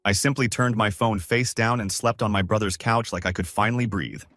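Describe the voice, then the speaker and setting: A man's voice: fairly low pitch, fairly quick, a bit bright, dry recording. A man narrating a first-person story with a scripted, dramatic delivery.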